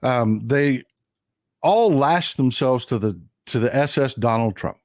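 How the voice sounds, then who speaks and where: A man from Texas hosting a livestream of political commentary, getting over a cold, talking in an animated, indignant way and repeating phrases for emphasis. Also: mid-range voice, unhurried, no echo, studio quality. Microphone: desk mic at a computer for a livestream.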